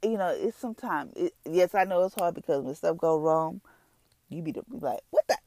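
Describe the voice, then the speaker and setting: Woman, informal devotional speaker who leads spoken prayer, has a low gravelly texture and a dry, close sound. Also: animated, moderate pace, mellow, dry recording. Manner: conversational, repeats "Father, Lord" while praying.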